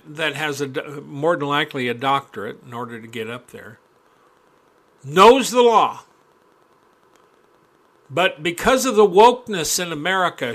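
This fairly high-voiced man preaches a sermon, reading passages of scripture aloud, breaking off for homespun asides, and climbing to loud, passionate high points.

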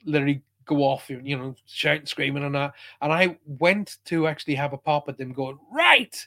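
A man's voice: fairly high pitch, steady tone, fairly quick, fairly bright tone. A middle-aged man giving an emphatic motivational talk as a spiritual speaker, often checking in with listeners.

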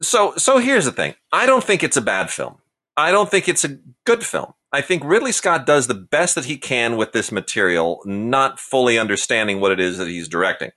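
Animated bright-voiced man reviewing films. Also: mid-range voice, moderate pace. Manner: animated, emphatic, jokey opinions. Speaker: co-host. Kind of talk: casual movie review chat.

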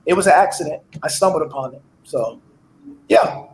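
A man's voice: a little high, normal speed, slight background noise. A man in the entertainment world chatting on a podcast, laid-back and brash, swearing freely. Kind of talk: casual chat. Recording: echoey room.

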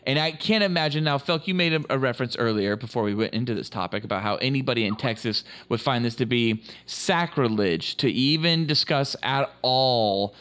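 A man's voice: mid-range voice, animated, fairly quick, hardly any pauses, fairly bright tone, smooth. A man co-hosting a comedy podcast, rambling and profane and packing his talk with fillers. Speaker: podcast co-host. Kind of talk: casual comedy chat.

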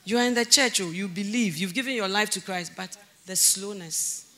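At a moderate pace, a woman delivers a sermon as pastor, energetic and frequently laughing. Her shouts for emphasis give way to low, serious tones.

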